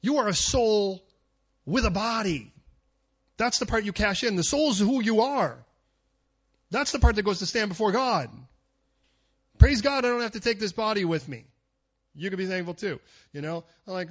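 In a muffled recording, a middle-aged pastor with a high-pitched voice preaches at a moderate pace. His sermon unfolds through storytelling and builds to emphatic peaks that nearly become shouts.

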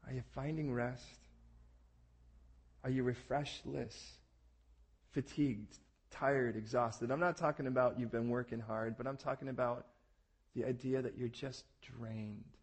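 A man in his thirties preaching a sermon, telling stories in an animated way and acting out voices, going from hushed to loud. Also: mid-range voice, a little slow, long pauses, husky. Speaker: pastor.

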